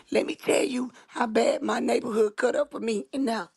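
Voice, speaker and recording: A woman's voice: fairly high pitch, moderate pace, gravelly, few pauses, husky. A woman host, telling a story in casual chat, with emphatic, dramatic repetition. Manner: emphatic, dramatic retelling with repeated phrases.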